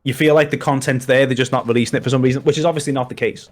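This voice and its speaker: A man's voice: mid-range voice, fairly even intonation, very fast. A man from Liverpool with a Liverpool accent, a guest chatting at length on a podcast, with many restarts and fillers. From Liverpool, England. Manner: long-winded, full of restarts and fillers. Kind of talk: casual podcast chat.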